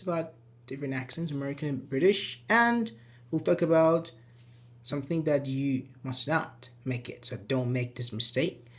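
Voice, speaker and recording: A man giving an online English grammar lesson, lively and full of rhetorical questions to the viewer. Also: on the high side. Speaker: English teacher.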